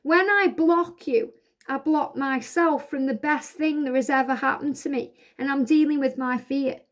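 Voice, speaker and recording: Recorded outside, a woman reading tarot speaks in a high voice at a moderate pace. Card by card, she reads out each message and interprets it in a calm, comforting tone.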